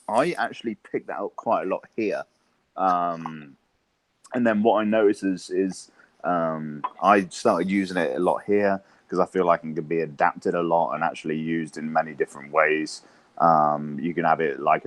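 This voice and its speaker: Deep-voiced Englishman chatting casually. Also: no echo. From England. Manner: relaxed, swears freely, lots of ums. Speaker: interview guest. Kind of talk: casual interview chat.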